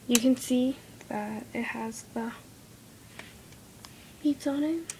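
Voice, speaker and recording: A woman's voice: on the high side, slow. A teenage girl half-whispering a casual craft tutorial at home, apologetic and easily irritated. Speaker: craft video maker. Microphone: iPod camera close by. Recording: faint background noise.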